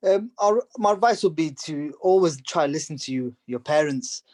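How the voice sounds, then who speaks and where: A man's voice: fairly high pitch, animated, normal speed, darkish tone, no room sound, rough recording. A man guest in a casual interview, talking with many restarts and fillers. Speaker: podcast guest.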